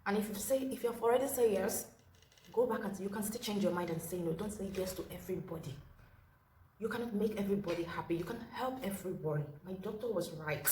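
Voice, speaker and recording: A woman's voice: mid-range voice, brisk, a little mellow, a little hiss or hum. A woman telling a personal story in a casual storytime vlog. She gives earnest advice and often repeats her key phrases. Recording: roomy echo with faint ambience.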